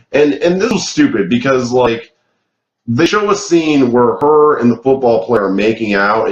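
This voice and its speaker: Male vlogger doing a swear-heavy rant review, recorded in an echoey room with a slightly dull sound. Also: mid-range voice. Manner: swears heavily, rants angrily with filler "like". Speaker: TV show reviewer. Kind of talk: profane ranting review.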